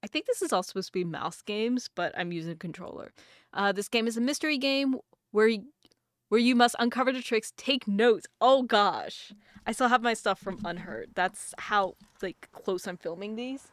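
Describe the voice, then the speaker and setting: A woman's voice: medium pitch, lively intonation, normal speed, no echo, studio quality. A woman chatting casually and laughing at herself while playing a video game. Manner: chatty, giggly, self-deprecating. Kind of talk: casual let's-play commentary. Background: game music.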